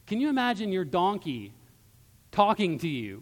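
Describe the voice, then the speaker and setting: A man's voice: high voice, big pitch swings, normal speed. Man preaching a sermon, long hall echo. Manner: conversational storytelling, dropping softer at ends of phrases. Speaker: pastor.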